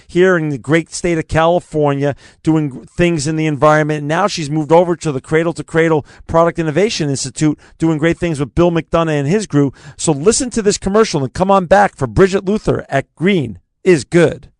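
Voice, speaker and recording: A man's voice: a little high, moderate pace, hardly any pauses, dry recording. Effusive male radio host, dry sound. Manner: effusive, full of praise, many restarts. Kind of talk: casual interview chat.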